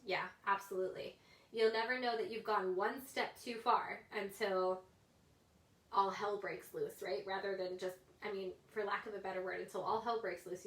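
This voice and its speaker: A woman's voice: medium pitch, fairly bright tone. A woman in her thirties leading a casual Bible study, talking in a chatty way with fillers and asides. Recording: echoey room.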